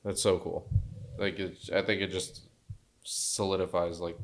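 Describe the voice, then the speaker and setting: Male podcast co-host, low voice, easygoing opinions, frequent quick agreements. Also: little pitch movement. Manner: laid-back, many short agreeing replies and fillers. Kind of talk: casual movie review chat.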